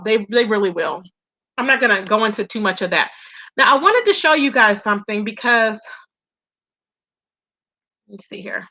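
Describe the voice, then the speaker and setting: A high, bright woman's voice comes through dull, lo-fi stream audio. She gossips in a loose, chatty way and keeps greeting viewers. She calls the audience "baby" and "y'all". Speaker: livestream commentary host. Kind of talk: casual livestream gossip commentary.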